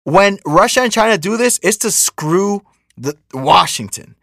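A man's voice: high-pitched, animated, a little slow, creaky, a bit bright, no room sound, studio quality. A man hosting a podcast, ranting through casual political commentary, repeating himself and mocking his critics. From United States. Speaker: podcast host.

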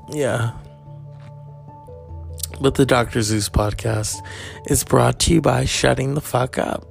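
A man's voice: mid-range voice, vocal fry. A man hosting a podcast, rambling through a crude comedic monologue with mock outrage and lots of profanity. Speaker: podcast host.

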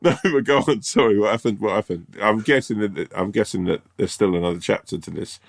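A man's voice: lowish voice, brisk, gravelly. A man in casual podcast chat, teasing and interrupting in a mock-earnest way. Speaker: podcast co-host.

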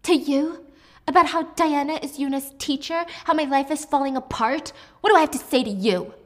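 A woman voicing a spoiled rich news anchor who yells and demands answers. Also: high voice, brisk, voice pushed up. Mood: furious. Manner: shouting, angry, demanding.

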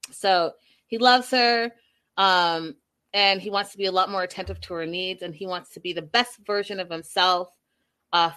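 A woman hosts a casual, gossipy reality show recap, chatting with her viewers in a chatty, slightly petty way. Her voice is medium in pitch and a bit bright.

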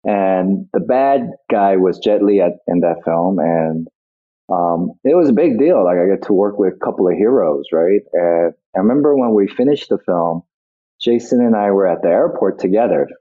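A man's voice: deep voice, animated, moderate pace. A man being interviewed as a guest actor, telling stories reflectively with many restarts, over a tinny phone-like line. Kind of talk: interview conversation.

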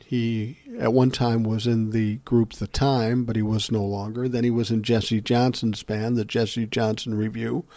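A man's voice: mid-range voice, darkish tone, no room sound. A middle-aged man talking in a casual, rambling monologue, telling stories and cursing freely. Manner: rambling storyteller, swears freely.

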